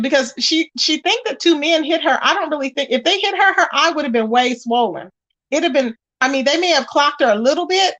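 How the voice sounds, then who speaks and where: A woman's voice: sits high, a bit bright. A woman hosting a casual gossip livestream. She talks emphatically and greets her viewers by name as she chats. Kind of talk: casual live-stream chat.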